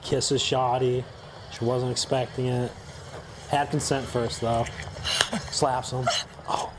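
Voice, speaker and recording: A man in his twenties, the host of a channel, giving a blunt, opinionated and somewhat halting casual film review. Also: medium pitch, little pitch movement, background noise.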